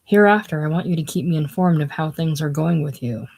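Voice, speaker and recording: A casual audiobook reader voicing a kindly, gracious older male senator in dialogue, reading his lines a little higher and louder. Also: fairly quick, natural voice. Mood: gentle.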